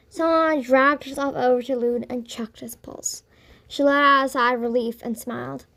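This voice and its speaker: A woman narrating a children's audiobook in an expressive read-aloud manner. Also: sits high, moderate pace, vocal fry.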